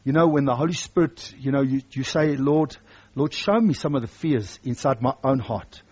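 A man's voice: medium pitch, normal speed, a little mellow, breathy edge, dull audio. A man preaching a sermon, emphatic and repeating his key phrases for weight.

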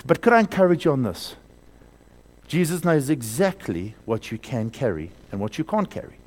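Animated man preaching a sermon. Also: mid-range voice. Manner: animated preaching, swings between loud emphasis and hushed slow lines; asks the congregation questions and has them repeat words.

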